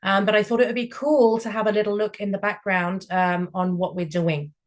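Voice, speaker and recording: A woman founder hosting an online meeting, briskly walking her team through a new platform. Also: mid-range voice, steady tone. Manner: upbeat, brisk, explains step by step. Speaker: project founder and meeting host. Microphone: video call.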